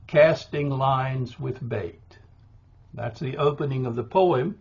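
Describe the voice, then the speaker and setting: An older man with a husky voice explains poetic meter slowly and deliberately, now and then restarting a phrase. The recording sounds dull and muffled. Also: mid-range voice. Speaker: poetry workshop teacher.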